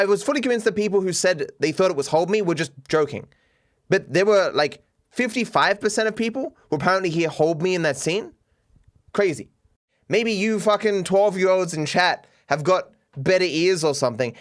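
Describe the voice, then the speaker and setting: Wry Australian streamer, lively voice. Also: male voice, fairly high pitch. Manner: wry, self-mocking, chuckles often. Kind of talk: casual commentary reacting to memes.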